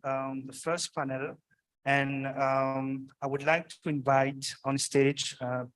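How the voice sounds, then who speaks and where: A man moderating a conference panel on stage, pausing often with ums and uhs. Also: medium pitch, little pitch movement, a bit bright, poor audio. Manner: halting, frequent ums and uhs.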